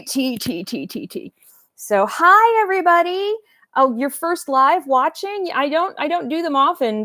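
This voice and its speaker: With a voice on the high side, a 50-something woman chats loosely on her doll-collecting livestream, eating as she goes and reading out comments. The studio sound is clean, with no echo.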